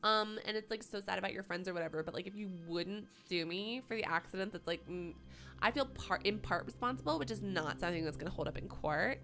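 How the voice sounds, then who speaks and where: Woman putting on a ditzy valley girl, rushed breathy gushing, like like like. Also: medium pitch, bright, forceful tone, faint music behind. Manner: airy, valley-girl filler talk. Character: ditzy young woman gushing about a party.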